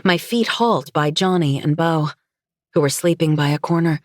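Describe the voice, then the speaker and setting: A woman reading a first-person novel aloud in a steady, low-key audiobook narration. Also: normal speed, dry recording, clean studio sound.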